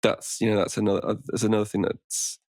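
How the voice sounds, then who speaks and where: A man's voice: on the low side, little pitch movement, quick pace, a little mellow, no echo, studio quality. A man who teaches meditation, a podcast guest talking in an easygoing, rambling way. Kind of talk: casual conversation.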